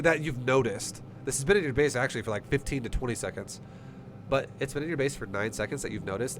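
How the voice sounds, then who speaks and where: A man breaks down a game replay for a player he is coaching, talking fast and heated and swearing freely. His nose is running as he talks. Music plays clearly underneath him. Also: mid-range voice. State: runny nose. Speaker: StarCraft coach reviewing a replay.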